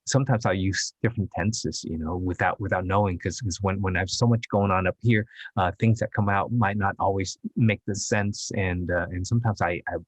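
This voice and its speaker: Husky, halting male actor. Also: low voice, fairly even intonation, no echo. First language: Chinese dialect. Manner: rambling, halting, laughs often. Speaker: actor, podcast guest. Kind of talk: casual interview chat.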